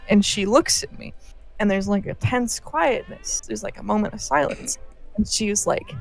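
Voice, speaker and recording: A woman's voice: mid-range voice, normal speed, creaky, faint music behind. A woman in her twenties co-hosting a gaming chat, telling a work story full of swearing and acted-out voices. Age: 20s. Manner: profane, animated, acts out quoted voices. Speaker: gaming channel co-host.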